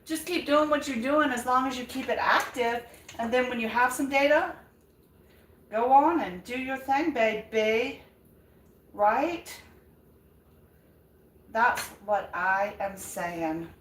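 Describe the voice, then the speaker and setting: A woman's voice: fairly high pitch, slow pace, pauses often, a bit bright, far from the mic. Chatty older woman in an echoey kitchen. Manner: chatty, encouraging, rambling. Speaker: vlog host. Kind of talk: live chat while cooking. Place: home kitchen. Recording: echoey room, away from mic.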